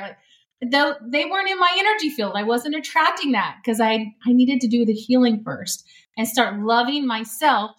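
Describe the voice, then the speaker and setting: A middle-aged woman appears as a guest on an interview show, an energy healing practitioner speaking earnestly about healing and laughing often in conversation. Her voice is on the high side and fairly bright, with lively intonation at a normal pace.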